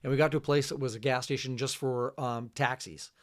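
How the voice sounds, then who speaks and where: A middle-aged man, a trip leader, telling travel stories in a relaxed, casual podcast chat, trailing off quietly. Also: medium pitch, a little fast. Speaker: guest, fishing trip leader.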